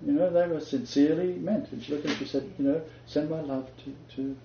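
A man's voice: a little high, steady tone, fairly quick, vocal fry, background noise. Emphatic older man in an echoey room. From Australia. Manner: emphatic, chuckling, quotes scripture. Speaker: Christian teacher. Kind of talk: conversational sermon-style talk. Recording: echoey room, dull lo-fi sound.

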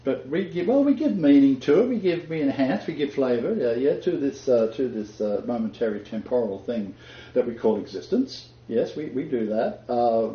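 A man's voice: mid-range voice, expressive, moderate pace. Emphatic older man in an echoey room. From Australia. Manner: emphatic, chuckling, quotes scripture. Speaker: Christian teacher. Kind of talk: conversational sermon-style talk. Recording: echoey room, dull lo-fi sound.

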